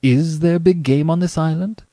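A man's voice: fairly high pitch, moderate pace, warm tone, no echo, studio quality, pitched above the performer's own voice, natural voice. A man reading a story aloud, voicing a courteous, guarded male big-game hunter who is a dinner guest. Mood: curious. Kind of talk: audiobook reading.

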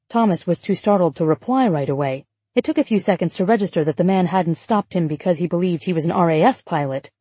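A woman reading a novel aloud in steady scripted narration. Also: lowish voice, brisk, hardly any pauses, slightly rough, no room sound. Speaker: audiobook narrator.

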